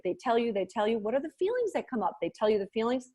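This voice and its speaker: High-voiced woman mentoring coaches. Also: fast. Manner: animated, acts out lively example lines. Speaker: mentor coach giving feedback. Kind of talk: coaching feedback on a video call. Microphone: video call.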